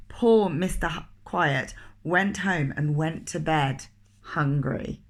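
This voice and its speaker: A woman reading a picture book aloud to children, expressive and asking the listener questions. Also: low-pitched, slow. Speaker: teacher reading a story to children.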